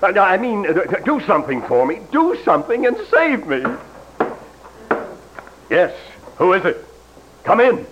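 A panicky male client, frantic and pleading for rescue. His high voice leaps all over the place. He is heard on a dull old broadcast with clear hiss. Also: very animated, a little slow, pauses often. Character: panicky male client doomed to die at midnight. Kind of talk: 1980s live radio comedy sketch.

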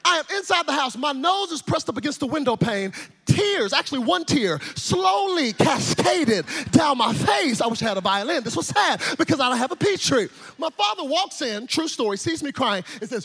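A man preaching a sermon, telling a childhood story and then shouting and calling the congregation to answer back. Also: very high-pitched, moderate pace. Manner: animated, shouting and call-and-response with the crowd. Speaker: pastor.

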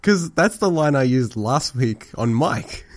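A man's voice: mid-range voice, lively intonation, unhurried, no echo. Man hosting a chatty podcast. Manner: laughs often, recaps episodes. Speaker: podcast host. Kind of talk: casual chat.

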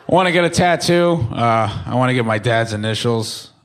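A young man from Staten Island doing a crude, deadpan stand-up comedy set on a club stage. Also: mid-range voice, normal speed, a little hiss or hum. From Staten Island, New York. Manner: deadpan, crude, shifts into mocking voices for quoted people. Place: comedy club stage before a laughing audience.

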